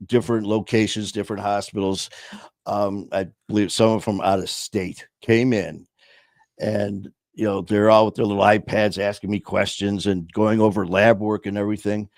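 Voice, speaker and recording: Low-voiced man telling a blunt, profane story. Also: fairly even intonation, normal speed, darkish tone, no room sound, clean studio sound. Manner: blunt, profane, restarts and trails off. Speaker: podcast host telling his story. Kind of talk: casual storytelling.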